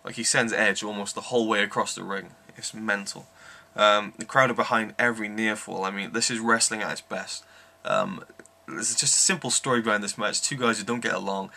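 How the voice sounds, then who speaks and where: A man's voice: lowish voice, steady tone, brisk, vocal fry, hardly any pauses, sharp tone. A man giving an enthusiastic, rambling wrestling review, full of ums. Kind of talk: casual review monologue.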